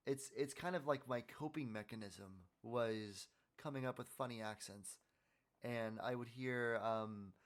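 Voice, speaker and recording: Man, podcast host, upbeat, encouraging, casual chat, middle pitch.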